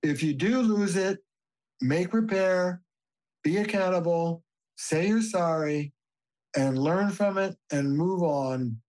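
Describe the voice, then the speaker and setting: In a podcast interview, an older man, a family therapist by profession, spins animated, emphatic stories and swears offhandedly. The voice is high, the pace slow, and the audio poor.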